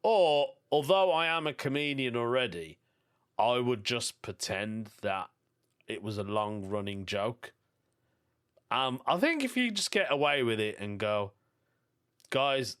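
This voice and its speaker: An English man with a Birmingham accent hosts a comedy podcast, reading listener stories aloud in a casual monologue and chuckling often. His medium-pitched voice is clear and resonant, with a fairly bright tone.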